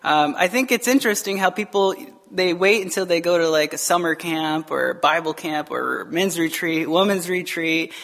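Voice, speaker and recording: A male pastor preaching a casual, conversational sermon in church, lively and full of restarts, acting out the voices he quotes. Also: on the high side, normal speed, creaky. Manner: casual and chatty, with frequent restarts and laughs. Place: church sanctuary, also streamed online.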